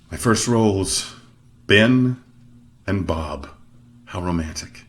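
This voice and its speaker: A middle-aged male opera singer telling stories about his career in a self-deprecating, expressive monologue. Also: sits low, slow, pauses often. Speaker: opera singer hosting his own show. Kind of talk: storytelling monologue.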